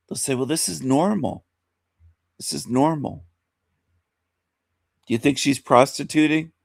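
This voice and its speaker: A man's voice: medium pitch, creaky, dry recording, studio quality. A man hosting a talk radio show, rambling through an opinionated monologue and repeating himself with rhetorical questions.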